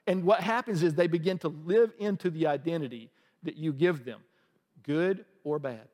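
A male pastor with a high-pitched voice delivers a sermon to his congregation. He keeps it conversational and joking, tossing questions out to the room. His voice carries a long reverb tail from the church sanctuary. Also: normal speed, darkish tone.

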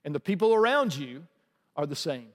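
Speaking at a normal pace in a sing-song, high-pitched voice, a male pastor preaches to his congregation. His sermon is conversational and full of jokes, with questions thrown out to the room, and the church sanctuary gives his voice a long reverb tail.

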